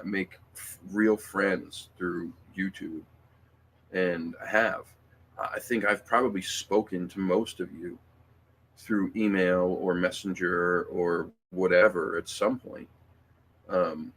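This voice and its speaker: A middle-aged man hosting a casual livestream, speaking in an emotional, halting way with many fillers and restarts. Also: deep voice, a bit bright, slight background noise. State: emotional, near tears. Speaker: livestream host.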